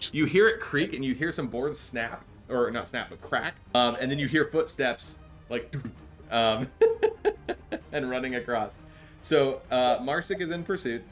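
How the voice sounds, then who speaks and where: A man narrating as game master for a tabletop role-playing game, chatty and low-key, often laughing. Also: bright, forceful tone. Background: background music.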